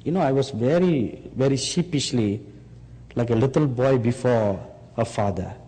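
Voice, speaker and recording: Speaking slowly and with emphasis, a male preacher lifts his voice on rhetorical questions aimed at his listeners. His tone is warm and medium-pitched, and a long hall reverb surrounds the recording.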